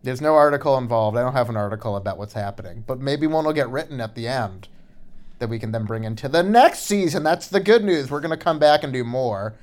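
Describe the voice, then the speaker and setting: A man's voice: medium pitch, lively intonation, quick pace. A man co-hosting a podcast, chatting casually with playful, rambling asides. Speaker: podcast co-host. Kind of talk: casual chat.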